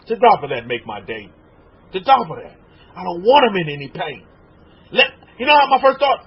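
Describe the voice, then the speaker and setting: A man in his forties preaching a sermon, animated and emotional, stumbling and restarting and turning to his listeners with questions. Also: sits high, brisk, husky. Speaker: rabbi teaching a congregation. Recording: muffled lo-fi recording.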